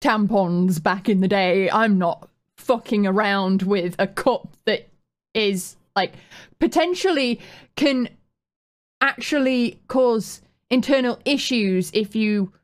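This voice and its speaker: A woman speaks slowly and deliberately on a podcast. She asks questions in a measured way, and her pitch sits in the middle. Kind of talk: casual podcast chat.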